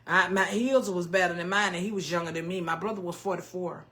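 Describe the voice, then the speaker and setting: A woman's voice: lowish voice, steady tone, a little fast, bright, forceful tone. A woman in her early fifties chatting candidly with her viewers, telling a personal story in loose, emotional vernacular. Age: 50s. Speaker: cooking vlogger. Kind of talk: casual chat to viewers.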